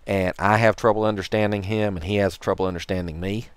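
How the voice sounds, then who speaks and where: A man's voice: fairly low pitch, fairly even intonation, fast, clean tone, no room sound. A man with a Tennessee accent talking to the camera in a casual vlog, telling a rambling story with wry, dry sarcasm. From Tennessee, USA. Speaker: vlogger.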